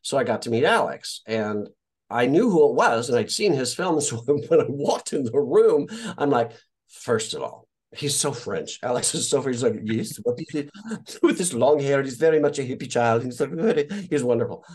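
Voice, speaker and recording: A man's voice: mid-range voice, expressive, normal speed, darkish tone, husky. A man from Indiana, an actor and guest, telling stories casually in an interview, swearing freely and acting out the voices of people he quotes.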